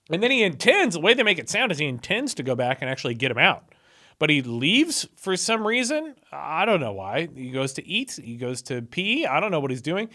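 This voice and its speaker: A man's voice: on the high side, very animated, fairly quick, pushed and bright. A young man with a slightly raised voice talks through scripture in a chatty, irreverent way. He adds sarcastic asides as he goes, like someone hosting his own channel. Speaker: video host retelling Bible stories. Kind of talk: casual commentary.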